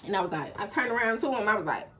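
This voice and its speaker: A young woman with an Atlanta accent, telling a story in casual vlog style, animated and swearing freely. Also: very fast. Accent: Southern US, Atlanta. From Atlanta, USA. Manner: animated, swearing, acts out quoted people in sudden loud high bursts. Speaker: vlogger.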